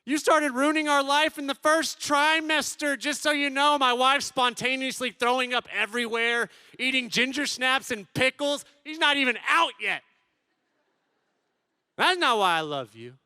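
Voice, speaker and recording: A man in his thirties tells comic stories to a crowd, loud one moment and hushed the next as he acts out what people said. His voice sits high and bright for a man. The sound is close and dry. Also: moderate pace, clean tone, no room sound. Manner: animated, acts out quotes, swings from loud to hushed. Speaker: conference speaker. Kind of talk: comedic storytelling talk.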